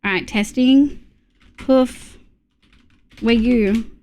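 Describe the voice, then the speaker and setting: A woman with an Australian accent chatting casually with her live-stream audience, reading chat messages and making quick asides. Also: a little high, a little mellow.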